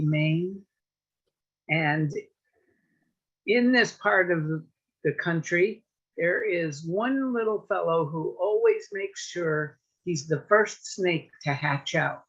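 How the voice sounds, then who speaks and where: A woman's voice: fairly low pitch, breathy edge, muffled recording. A woman storyteller telling a folksy tale at a story swap, raising her voice to act out the characters. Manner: folksy, lively teller who acts out the snakes with a raised voice. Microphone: video call.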